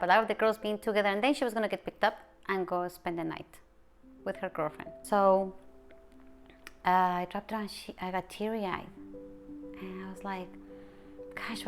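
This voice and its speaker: A woman's voice: medium pitch, fairly even intonation, soft background music. Emotional woman. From Mexico City. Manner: halting, emotional retelling with many restarts. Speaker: interviewee. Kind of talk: personal interview.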